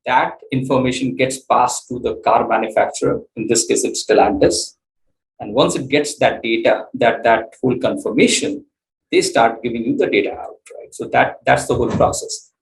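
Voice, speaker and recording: Gravelly-voiced man explaining haltingly. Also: medium pitch, low-quality recording. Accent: Indian English. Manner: repetitive, halting with many fillers and restarts. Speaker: startup CEO guest. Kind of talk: explaining business on a podcast.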